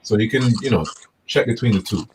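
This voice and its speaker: A man who runs his own online show, chatting in a relaxed, slightly halting way as a guest. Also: lowish voice. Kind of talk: casual chat. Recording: distant mic with faint noise.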